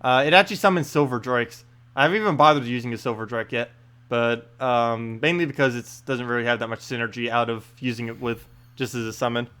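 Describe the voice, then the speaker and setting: A man casually commentating his live game stream, chatty and quick to laugh, with faint game music behind. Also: mid-range voice, fairly even intonation, a bit bright, clear, resonant tone.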